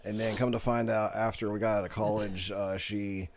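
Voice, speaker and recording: A man's voice: fairly low pitch, flat delivery, normal speed, a little hiss or hum. A man co-hosting a reaction show, chatting casually and bluntly, swearing freely. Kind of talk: casual chat.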